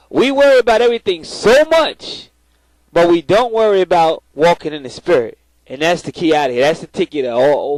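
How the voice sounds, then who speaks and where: A man's voice: a little high, dry recording, poor audio. A man giving spiritual advice to his viewers in a blunt, profane, preachy way, often repeating words as he starts. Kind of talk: casual spiritual talk to camera.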